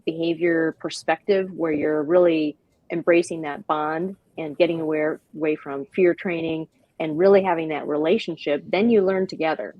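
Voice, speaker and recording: Low-voiced, enthusiastic woman guest. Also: steady tone, normal speed, no room sound, dull audio. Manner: enthusiastic, acts out voices in quoted asides. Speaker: guest, founder of a dog-park nonprofit. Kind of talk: animated conversational interview.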